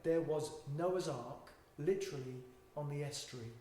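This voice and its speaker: Guy spinning a funny story, laughs a lot, kinda high voice, super echoey room. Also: normal speed, darkish tone. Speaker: travelling preacher telling a story. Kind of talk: casual storytelling chat. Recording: very echoey room with faint noise.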